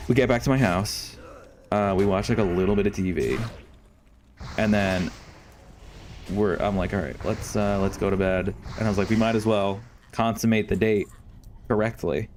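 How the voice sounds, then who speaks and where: Rambling young man with a low voice. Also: a little hiss or hum. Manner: rambling, lots of fillers and restarts. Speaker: streamer. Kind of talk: casual storytelling while gaming.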